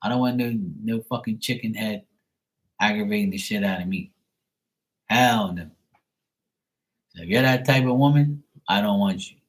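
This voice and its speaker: A man's voice: on the low side, normal speed, pauses often, low-quality recording. Blunt, profane middle-aged man. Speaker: livestream tarot reader. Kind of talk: late-night casual livestream chat.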